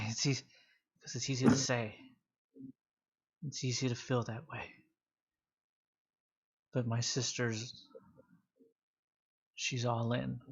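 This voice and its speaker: A hushed, honor-bound male warrior who is part cyber jackal, played by a man running a tabletop game. He speaks slowly and deliberately, weighing each word. The recording is slightly dull and lo-fi. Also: mid-range voice, husky.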